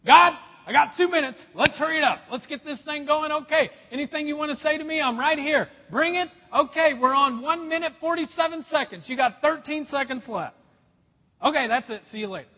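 A man voicing an impatient man who rushes through his prayer time and counts down the seconds. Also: very high-pitched, big-room sound, dull audio, voice pushed up. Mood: frantic.

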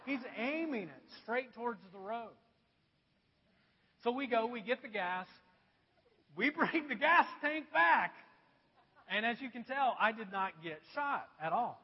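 A man's voice: very high-pitched, animated, measured pace, pauses often, slightly rough. A man preaching a sermon in church, telling a personal story with self-deprecating humor. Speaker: pastor. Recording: dull recording with long hall reverb.

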